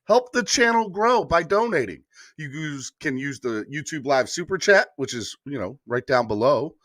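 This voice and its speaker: A man's voice: on the high side, lively intonation, moderate pace, fairly bright tone, no echo, studio quality. A man hosting a live-streamed sports morning show, hyped and repeating calls to like and subscribe. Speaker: sports podcast host.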